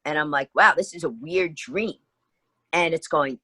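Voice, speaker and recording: Husky-voiced woman telling a lively story. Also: low-pitched, a little slow, no room sound. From New York. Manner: animated storyteller acting out dialogue. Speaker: guest. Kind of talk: storytelling in a podcast interview.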